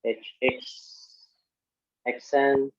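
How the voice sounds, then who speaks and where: A man lectures on engineering statics, working through a problem step by step in halting speech full of fillers and restarts. His medium-pitched voice moves little, and the muffled lo-fi recording has no room sound.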